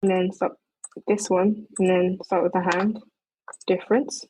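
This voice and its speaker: A woman's voice: lowish voice, little pitch movement, moderate pace, dark tone, slightly rough, rough recording. A young woman presenting a casual 3D modeling tutorial, thinking aloud as she works, with loose fillers. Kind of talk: casual screen-recorded tutorial.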